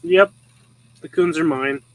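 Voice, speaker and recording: A man's voice: on the high side, unhurried, lightly acted, poor audio. A man voicing a smug proud hound dog. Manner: self-satisfied.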